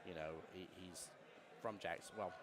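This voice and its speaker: A man's voice: low voice, steady tone, measured pace, a crowd in the background. A man commentating a pool match with a co-host in a pool hall, telling stories casually with many restarts. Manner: rambling storyteller, many restarts.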